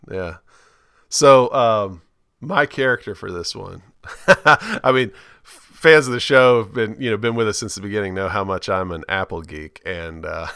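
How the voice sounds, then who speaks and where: A man's voice: on the low side, pushed and bright, clean tone, no echo, clean studio sound. A man, co-hosting a podcast in casual, enthusiastic chat and laughing often. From Alabama, USA. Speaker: podcast co-host.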